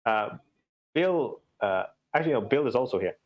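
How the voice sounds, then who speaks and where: Male game master, rambling and filler-heavy, mid pitch, dull lo-fi stream audio. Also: expressive, normal speed. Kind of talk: narrating a tabletop game.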